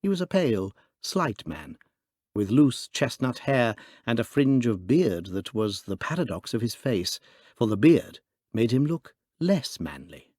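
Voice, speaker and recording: A male narrator reading a classic detective story aloud, expressive and theatrical. His pitch ranges widely across lines, and the recording is dry and close-miked. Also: a little slow, dry recording. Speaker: audiobook narrator. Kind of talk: scripted narration of a classic mystery.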